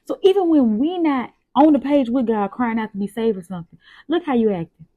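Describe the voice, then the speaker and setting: Animated woman giving a casual devotional. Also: fairly high pitch, a little fast, no echo, phone-quality sound. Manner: animated, repetitive preacherly emphasis with rhetorical questions. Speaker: host journaling aloud on faith.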